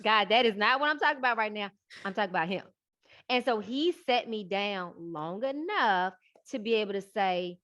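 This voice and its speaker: A woman guest on a podcast, telling her story in a lively, casual way and acting out the voices she quotes. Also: medium pitch, moderate pace, no room sound. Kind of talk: casual interview talk. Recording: dull lo-fi, dry.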